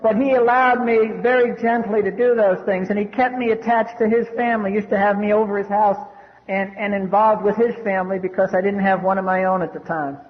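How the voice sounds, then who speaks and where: Older man, high-pitched, blunt and wry speaker share, muffled lo-fi hall recording. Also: fairly even intonation, a little fast. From US East Coast. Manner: blunt, wry, salty humor. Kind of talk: recovery meeting share, storytelling. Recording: echoey hall, dull lo-fi.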